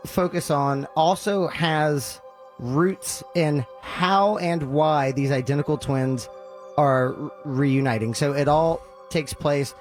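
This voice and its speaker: A man hosting a podcast, casually retelling a story with lively acted-out quotes and loose fillers. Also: a little high. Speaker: podcast host.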